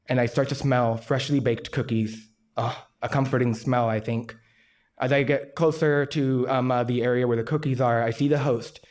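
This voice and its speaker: A man's voice: mid-range voice, darkish tone. Man telling a candid personal story. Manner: candid, self-deprecating, wry. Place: stage.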